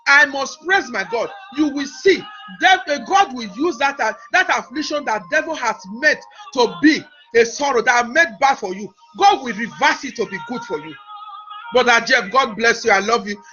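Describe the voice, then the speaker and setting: A man's voice: very high voice, moderate pace, sharp tone. A male preacher delivering a sermon, urging listeners with emphatic, repetitive phrases and frequent restarts. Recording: dull lo-fi with music behind. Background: music.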